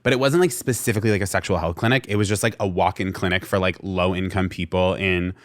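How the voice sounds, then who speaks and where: Animated young man telling a story. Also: sits low, fast talker. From Vermont. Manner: animated storyteller acting out quoted voices, lots of "like". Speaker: podcast co-host. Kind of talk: casual storytelling chat.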